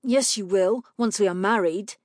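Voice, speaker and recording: A woman's voice: mid-range voice, moderate pace, darkish tone, dry recording, clean studio sound, close to an everyday voice. A woman reading aloud, voicing an earnest, well-mannered young boy who speaks formally.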